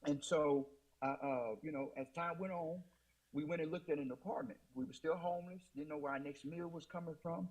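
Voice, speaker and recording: A man's voice: on the high side, steady tone, fairly quick, darkish tone, rough recording. A man as an interview guest, earnestly retelling a personal testimony with many fillers and restarts.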